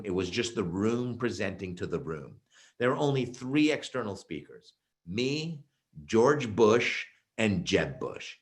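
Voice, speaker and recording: A man with a fairly low voice delivers a keynote talk to an online audience. He tells stories with energy and emphasis, often with fillers and restarts. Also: a bit bright. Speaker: keynote speaker. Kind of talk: virtual keynote presentation.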